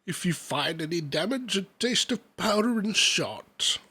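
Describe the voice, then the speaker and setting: A man's voice: high voice, expressive, a little slow, bright, forceful tone, slightly rough, pitched above the performer's own voice, exaggerated voice. A man putting on a blustering old farmer. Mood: indignant.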